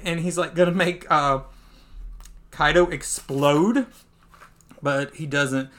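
A man hosting a podcast, recapping a comic in casual chat. He talks in a loose, chatty way, laughs easily and jumps into squeaky voices when he acts out scenes. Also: takes it slowly, long pauses. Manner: animated, jumps into high squeaky voices when acting out lines. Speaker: podcast host.

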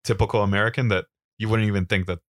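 A man with a low voice talks easily on a casual podcast, wandering through stories and match recaps with plenty of fillers and quick laughs. The sound is close and dry, with no room around it. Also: steady tone, no room sound. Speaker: podcast co-host. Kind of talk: casual chat and wrestling recap.

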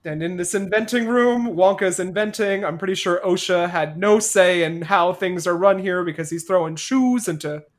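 A woman's voice: fairly low pitch, normal speed, few pauses. A woman in a casual movie discussion, joking and sarcastic, acting out lines from the film.

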